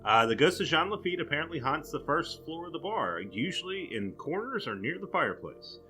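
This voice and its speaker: A man's voice: fairly high pitch, big pitch swings, brisk, bright, forceful tone, faint music behind. A man hosting a podcast, casually walking through researched material with a co-host.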